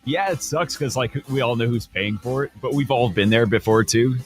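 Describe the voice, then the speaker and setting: A man co-hosting a radio show, laid-back with joking deadpan quips. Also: medium pitch, normal speed, faint music behind. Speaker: studio co-host. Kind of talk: casual radio banter.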